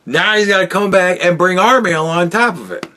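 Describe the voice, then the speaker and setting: A man's voice: high-pitched, moderate pace, bright, forceful tone. A man hosting a podcast, telling a rambling, profane story in a casual monologue. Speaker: podcast host.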